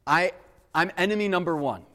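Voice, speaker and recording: A man preaching a sermon. He tells a personal story in an earnest, animated way and keeps addressing the crowd as guys. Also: sits high, fairly quick. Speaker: pastor. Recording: long reverb of a large hall.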